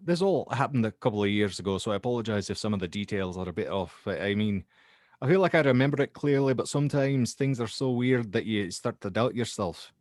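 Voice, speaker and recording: A man's voice: lowish voice, animated, brisk, darkish tone, no room sound, clean studio sound, voice pushed up, close to an everyday voice. A man doing a young Scottish student's voice. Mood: uneasy recounting. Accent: put-on Scottish. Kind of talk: dramatic reading of a horror statement.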